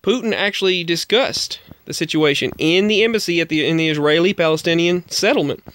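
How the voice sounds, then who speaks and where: A man's voice: a little high, a little fast, a bit bright, no echo. Rambling, self-correcting man. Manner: rambling, corrects himself often. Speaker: vlogger. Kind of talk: casual news commentary.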